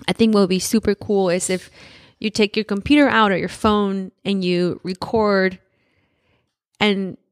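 A woman's voice: mid-range voice, no echo, studio quality. A woman co-hosting a casual chat, talking eagerly and filling her sentences with "like" and "um". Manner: enthusiastic, heavy on "like" and "um".

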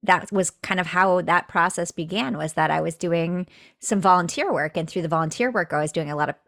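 A woman guest author telling personal stories in a casual interview, animated when she quotes others. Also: lowish voice, brisk, creaky, no room sound, studio quality.

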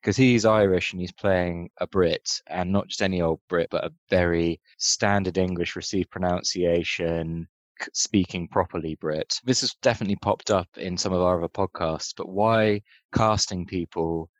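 A man's voice: low voice, steady tone, moderate pace, no room sound, muffled recording. A man co-hosting a podcast in casual chat, making wry, sarcastic asides. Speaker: podcast co-host.

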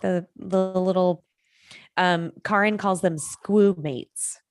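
A woman's voice: fairly low pitch, fairly even intonation, slow, no room sound, studio quality. A middle-aged woman, a nutrition coach, co-hosting a podcast and telling a story in a chatty way with many fillers. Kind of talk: casual chat.

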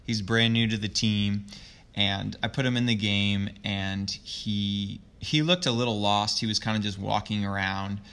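A man talking as a youth sports coach in an interview, earnest and reflective, telling a story in a soft, thoughtful way. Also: fairly low pitch, steady tone, a little slow, clean tone. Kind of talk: conversational interview.

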